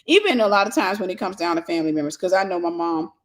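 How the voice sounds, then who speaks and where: A woman's voice: lowish voice, lively intonation, quick pace. A woman gives an informal spoken teaching as a ministry host, repeating key phrases for emphasis. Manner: conversational, with casual fillers.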